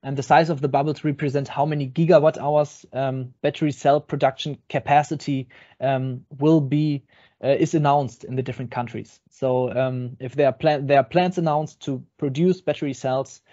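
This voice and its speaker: Presenter: male researcher walking through slides, halting with fillers, mellow tone, dull lo-fi webinar audio. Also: medium pitch. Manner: hesitant, many ums and uhs. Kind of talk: explaining slides in an online webinar.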